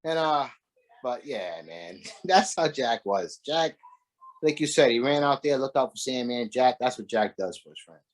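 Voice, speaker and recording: A man who is a former wrestler, telling profane stories in a casual interview with an animated, laughing manner. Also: mid-range voice, moderate pace.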